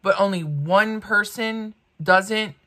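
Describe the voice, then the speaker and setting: A woman's voice: mid-range voice, slow pace, a bit bright. A woman in her fifties doing get-ready-with-me commentary, blunt and ranting, swearing freely. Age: 50s. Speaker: beauty vlogger.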